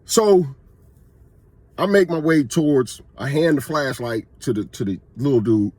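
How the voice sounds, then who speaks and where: A man's voice: mid-range voice, measured pace, a little mellow. A man vlogging, telling a personal story in a casual, conversational way that is emphatic and full of restarts.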